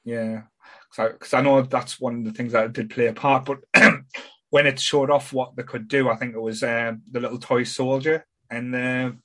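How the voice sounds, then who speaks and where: A man's voice: mid-range voice, level tone, fairly bright tone. Stammering man on a podcast. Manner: halting, stammers and restarts often. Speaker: podcast co-host. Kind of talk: casual podcast chat.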